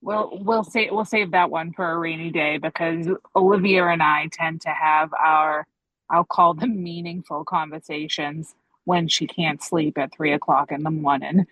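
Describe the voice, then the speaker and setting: A woman's voice: sits low, fairly even intonation, moderate pace, fairly bright tone, no echo, poor audio. Dry-witted woman podcast co-host. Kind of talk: casual chat.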